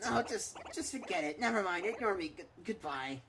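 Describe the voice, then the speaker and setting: A woman voicing a timid young male turtle in a video game, who stammers and trails off softly. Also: fairly high pitch, very animated, quick pace, slight background noise. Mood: nervous. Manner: stammering, hesitant, soft. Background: game music.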